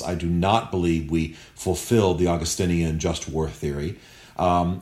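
Deep-voiced man, earnest commentary. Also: darkish tone, echoey room. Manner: earnest, measured, frequent fillers and restarts. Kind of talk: spoken commentary.

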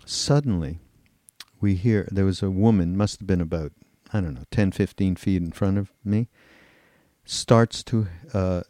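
A man's voice: low voice, measured pace, warm tone, no echo, studio quality. A man co-hosting a podcast, telling loose, rambling anecdotes in casual chat, laughing and swearing as he goes. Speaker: podcast co-host.

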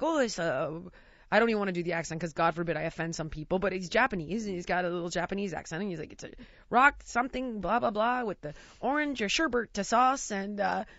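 A woman tells a story in a loose, chatty way, lively and often breaking into laughter as she acts out the voices of others. Her pitch sits in an ordinary middle range. The sound is dry and slightly muffled, like a lo-fi recording. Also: dry recording. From United States. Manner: animated, laughing storyteller who mimics voices. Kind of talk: casual anecdote.

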